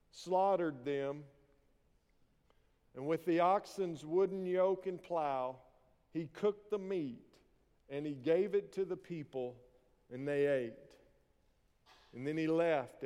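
A man preaching a sermon, reading scripture and telling stories with shouted quoted lines. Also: on the high side, smooth. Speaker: pastor. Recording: long reverb of a large hall.

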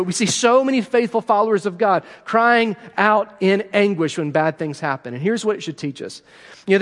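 Middle-aged man preaching, kinda high voice, earnest and repetitive, big echoey church. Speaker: pastor. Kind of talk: sermon. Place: church sanctuary. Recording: long hall reverb.

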